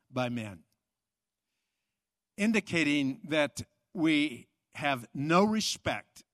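A man's voice: fairly high pitch, no echo, clean studio sound. A man preaching a sermon, emphatic and repetitive, with rhetorical questions. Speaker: pastor.

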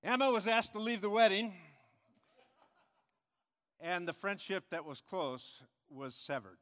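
A man's voice: sits high, expressive, measured pace, fairly bright tone, long reverb tail. A man preaching a sermon as pastor, earnest and storytelling, with occasional restarts. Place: church.

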